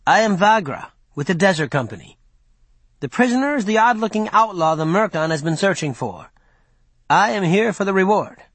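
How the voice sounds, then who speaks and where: A man's voice: sits high, expressive, normal speed, a bit bright, dry recording, pitched above the performer's own voice, exaggerated voice. A man reading an audiobook, voicing a bold young male rebel leader who speaks urgently and persuasively.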